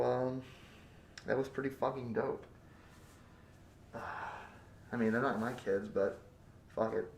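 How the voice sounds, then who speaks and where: A man acting as a crude, menacing bandit captor in a 3D audio role-play, swinging between close whispers and loud taunts. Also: lowish voice, vocal fry, roomy sound, slight background noise. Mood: boastful.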